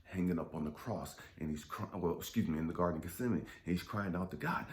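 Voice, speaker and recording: On his spiritual channel, a man delivers an emotional monologue that's impassioned and confessional, sometimes dropping to a whisper and swearing frequently. His voice is low and quick, heard in an echoey room.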